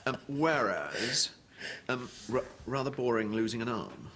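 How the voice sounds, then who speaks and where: A man's voice: medium pitch, very animated, unhurried, a bit bright, a little hiss or hum. A man, speaking in a posh, playful, exaggerated way in a documentary interview.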